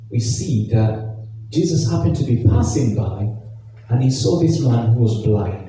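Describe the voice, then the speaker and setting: A man preaching a sermon as pastor, reading scripture expressively with emphatic pauses, recorded from a distance in a church hall. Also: mid-range voice, warm tone. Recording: echoey church hall, distant mic, faint noise.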